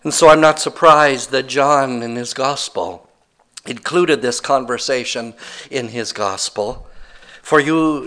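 A man's voice: mid-range voice, sharp tone. A man preaching a sermon, retelling a scripture story in a conversational way with wry asides.

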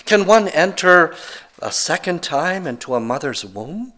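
A man's voice: a little high, very animated, a little slow, bright, forceful tone, heavily acted. A man preaching a sermon voices Nicodemus as a methodical scholar asking puzzled, literal questions.

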